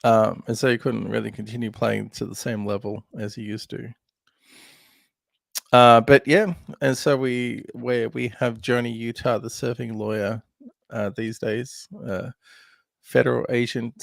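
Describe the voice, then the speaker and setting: A man's voice: mid-range voice, level tone, a little slow, gravelly, no room sound, studio quality. A man hosting a podcast, chatting casually about a film with lots of laughs and fillers. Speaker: podcast host.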